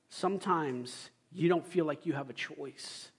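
Young guy pastor with a high voice, preaching, goes big then drops soft. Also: unhurried, few pauses, slightly rough. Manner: storytelling, swings between loud excited bursts and quiet asides. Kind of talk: sermon.

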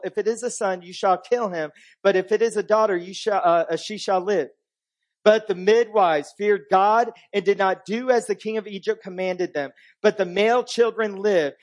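A pastor preaching a conversational sermon, swinging between emphatic and hushed delivery. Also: male voice, high-pitched.

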